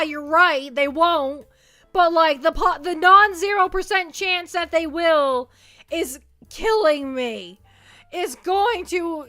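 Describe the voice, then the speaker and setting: A woman VTuber chatting on a livestream in a very high, bright voice. She is excitable and giggly and trips over her words, with soft music playing behind her. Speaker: VTuber streamer. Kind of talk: casual livestream chat.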